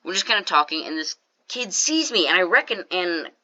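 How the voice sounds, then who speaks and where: A YouTuber telling a casual story over gameplay, animated and jokey, with quick asides to the viewers. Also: medium pitch, lo-fi sound.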